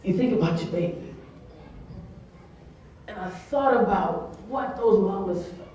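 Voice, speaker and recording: A woman's voice: mid-range voice, unhurried, mellow, slight background noise. A woman giving an earnest, emotional speech at a summit, with laughing asides, recorded in a large conference room. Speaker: keynote speaker. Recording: echoey hall, mic from far off.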